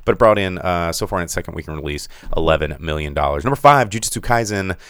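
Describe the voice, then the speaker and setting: A man's voice: low voice, expressive, quick pace, a bit bright, smooth, no room sound. A man co-hosting a podcast in casual chat, running through numbers with frequent self-corrections and fillers. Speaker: podcast co-host.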